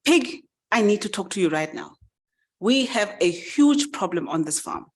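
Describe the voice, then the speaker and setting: A woman's voice: medium pitch, very animated, moderate pace, slightly rough. A woman voicing an indignant, panicky little male mouse, pleading urgently. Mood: outraged.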